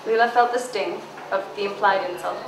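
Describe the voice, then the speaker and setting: At a book launch in a bookstore event space, a woman reads aloud from her own novel, putting some emphasis on the dialogue, then turns casual and halting when answering questions. Her mid-range voice holds a steady tone. The recording is echoey, picked up far from the mic, with background noise.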